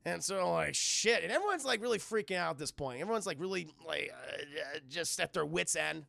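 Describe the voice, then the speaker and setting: A man's voice: high-pitched, animated, brisk, vocal fry, bright, forceful tone, no room sound, clean studio sound. A man streaming a rambling, profane film recap, laughing and acting out scenes as he talks to chat. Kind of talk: casual livestream chat.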